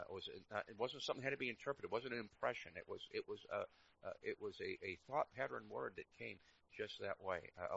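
A middle-aged man preaching a sermon, swinging between loud emphatic lines and quiet asides. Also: lowish voice, vocal fry. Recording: dull lo-fi recording.

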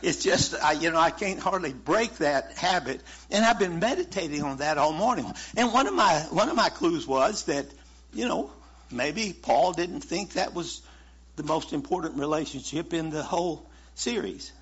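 A man's voice: a little high, animated, moderate pace, fairly bright tone, breathy edge. A man preaching a sermon in a folksy, conversational way, chuckling now and then. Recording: muffled lo-fi sermon recording.

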